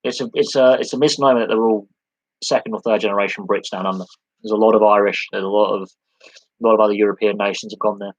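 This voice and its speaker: A man's voice: on the low side, fairly even intonation, fast, no echo, low-quality recording. A man hosting a live sports podcast Q&A, talking in a rambling, conversational way with many restarts and long lists. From United Kingdom.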